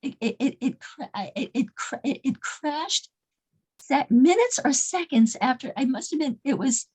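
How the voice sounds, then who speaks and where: A woman leads a small group and tells them a story in a casual, unscripted way. Her voice sits high, and she stumbles and repeats words as she goes. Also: animated, darkish tone, poor audio. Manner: halting, repeats words and restarts often. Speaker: class leader telling a story.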